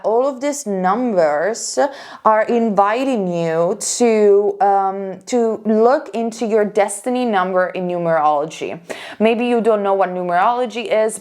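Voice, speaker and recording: A woman giving a casual pick-a-card tarot reading as a psychic, chatty and emphatic, with fillers and restarts. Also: mid-range voice.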